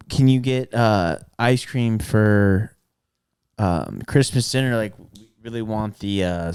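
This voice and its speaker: A man's voice: medium pitch, a little mellow, clear, resonant tone, no echo. A young man co-hosting a podcast, chatting casually, joking and laughing often. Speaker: podcast co-host. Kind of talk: casual chat.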